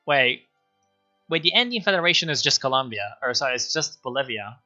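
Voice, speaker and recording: A man streaming a strategy game, excitable, swearing and laughing as he comments on his moves. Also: mid-range voice, a little fast, muffled recording, soft background music.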